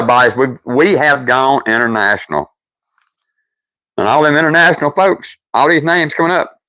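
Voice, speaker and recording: An older man with a Deep South accent, hosting a livestream and chatting casually with viewers in a folksy, rambling way. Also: pushed and bright, no room sound. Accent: Deep South American. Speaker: livestream host.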